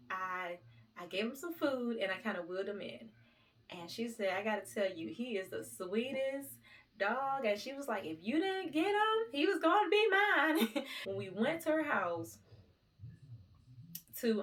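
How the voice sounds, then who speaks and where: A woman's voice: medium pitch, a bit bright, distant mic. Emotional woman vlogger, set back from the mic. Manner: emotional, addresses viewers as "y'all". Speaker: lifestyle vlogger. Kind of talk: casual storytelling vlog.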